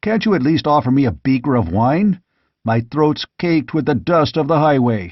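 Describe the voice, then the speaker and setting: A man voicing a bold barbarian warrior king who speaks bluntly and gruffly, with grim amusement, in an audiobook reading. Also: fairly high pitch, lively intonation, moderate pace, dry recording. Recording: dull, dry lo-fi audiobook recording.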